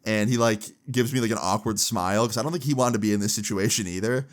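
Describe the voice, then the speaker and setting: A man's voice: on the low side, quick pace. A young man vlogger casually telling a story time in a slangy, swearing way.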